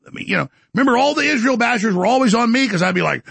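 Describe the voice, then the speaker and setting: A man hosts a talk show and rants through a boastful political monologue. His voice is high and swings widely, with a very gravelly, husky edge and a sharp, forceful tone. He slips into mocking voices as he goes. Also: lively intonation, very fast, dry recording. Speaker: commentary show host.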